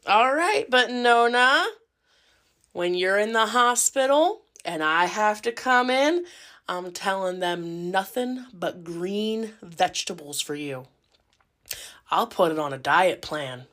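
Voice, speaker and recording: A woman voicing a firm male doctor who gives slow, low commands. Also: animated, a bit bright. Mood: stern firm. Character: stern, dry male doctor, patient but firm.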